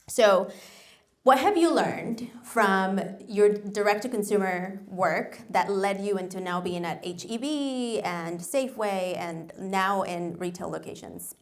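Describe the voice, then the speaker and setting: A woman's voice: mid-range voice, a little slow. Woman moderating a panel. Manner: affirming, asks long framed questions. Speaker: moderator and host.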